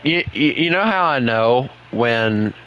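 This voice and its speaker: A man's voice: mid-range voice, expressive, slow, dull audio, slight background noise. A man chatting casually at home while he plays an online game with friends, rambling and joking with his teammates. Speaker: gaming streamer. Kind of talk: casual chat while gaming.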